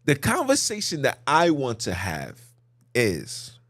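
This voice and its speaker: A man's voice: mid-range voice, wildly swooping pitch, slow pace, a bit bright. A man hosting a podcast, teaching scripture in a casual preaching style, repeating phrases and asking the listeners questions. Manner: repetitive, emphatic, rhetorical questions.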